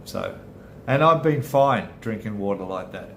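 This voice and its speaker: A man's voice: lowish voice, animated, unhurried, vocal fry, a little hiss or hum. Chatty Australian man in echoey room. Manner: rambling, chatty, self-correcting. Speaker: channel host. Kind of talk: casual live chat with viewers.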